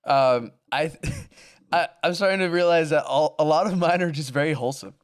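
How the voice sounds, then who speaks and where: A man's voice: on the high side, normal speed. A man co-hosting a podcast, chatting casually, laughing often and swearing while he jokes. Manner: laughs often, joking and profane. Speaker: podcast co-host. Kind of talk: casual chat.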